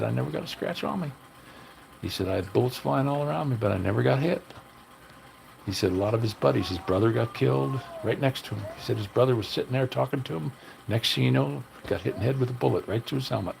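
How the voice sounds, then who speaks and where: A man's voice: low voice, creaky, slight background noise, low-quality recording. An older man chatting casually on a livestream, telling loose, profane, folksy stories to viewers. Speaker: livestream host. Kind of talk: casual rambling chat to live viewers.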